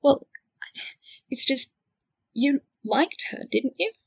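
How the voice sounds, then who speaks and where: A woman's voice: high-pitched, expressive, slow pace, gravelly, dry recording, voice pushed up, full character voice. A woman reading as a tender, earnest young witch. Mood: hesitant. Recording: dull lo-fi dry recording.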